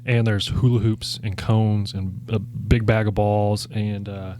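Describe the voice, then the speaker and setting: A man's voice: on the low side, level tone, unhurried, warm tone, a little hiss or hum. Chatty man telling a dad story. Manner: rambling storyteller, laughs a lot. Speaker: podcast co-host. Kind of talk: casual chat.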